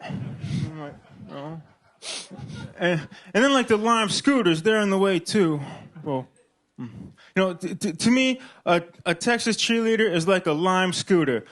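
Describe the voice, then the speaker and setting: A man in his thirties from Illinois, answering questions on a comedy club stage in a slow, hesitant, deadpan way full of fillers. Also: high voice. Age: 30s. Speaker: comedian being interviewed. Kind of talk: slow halting comedy chat.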